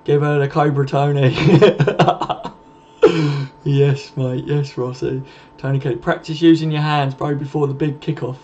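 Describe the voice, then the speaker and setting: A man's voice: fairly high pitch, fairly even intonation, measured pace, darkish tone, highs cut off. A man hosting a live stream, reading comments aloud and bantering in a laddish, swearing, jokey way.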